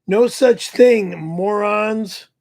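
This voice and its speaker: A middle-aged man ranting and shouting profanities on a live comedy stream. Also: sits high, very slow. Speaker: show's target and co-host.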